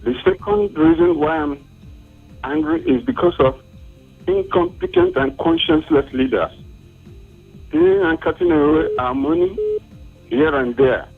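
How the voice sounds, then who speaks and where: A man's voice: a little high, a little slow, gravelly, long pauses, slightly rough, soft background music. A Nigerian man calling in to a radio show, laying out his complaints point by point. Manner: steady, list-like complaint. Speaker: caller. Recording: tinny phone line.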